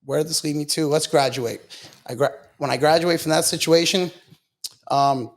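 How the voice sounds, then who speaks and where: A man's voice: a little high, steady tone, moderate pace. A man from Long Island, a podcast guest, telling his story in a blunt, profane, casual way and saying "bro" a lot. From Long Island, New York.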